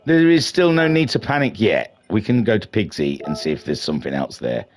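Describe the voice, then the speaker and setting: A man's voice: fairly low pitch, big pitch swings, a little fast, faint music behind. Chatty man hosting a race stream. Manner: chatty, self-mocking, flustered. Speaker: league race stream host. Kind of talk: casual live-stream race commentary.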